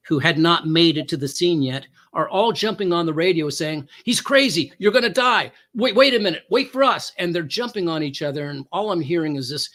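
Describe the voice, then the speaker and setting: Animated man telling a story. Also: a little high. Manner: animated storyteller, acts out dialogue. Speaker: keynote speaker and author.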